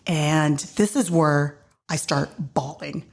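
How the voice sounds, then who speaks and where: A woman's voice: sits low, slow, creaky, darkish tone. A woman hosting a podcast, casually retelling a faith story with many fillers and acted-out quotes. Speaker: podcast host.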